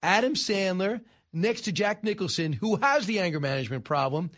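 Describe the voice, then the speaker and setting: A man's voice: high-pitched, a little fast. A man hosting a talk radio show, telling stories with rhetorical asides. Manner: animated storytelling, rhetorical asides.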